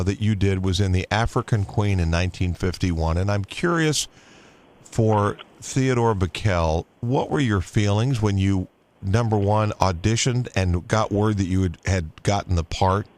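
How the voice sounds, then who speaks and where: A male radio host with a fairly low voice who asks eager questions. He often trips over his words and restarts his sentences. He keeps the interview moving. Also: measured pace, a little mellow.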